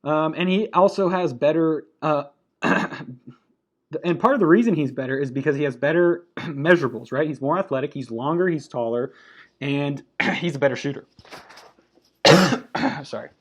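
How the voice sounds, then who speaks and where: A man's voice: fairly high pitch, measured pace, pauses often. A man giving a casual, blunt basketball opinion rant, annoyed and swearing, with frequent restarts. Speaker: basketball commentator.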